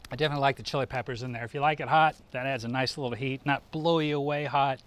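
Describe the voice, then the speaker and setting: A man's voice: medium pitch, steady tone, racing, hardly any pauses, fairly bright tone. Chatty man demonstrating outdoor cooking. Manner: casual, chatty, upbeat, many fillers.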